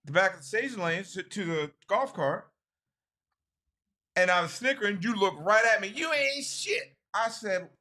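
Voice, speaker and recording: A man with a high, bright voice, arguing his side on a racing talk show. He talks fast over others, loud and profane, in a heated casual chat. The delivery stays animated and forceful.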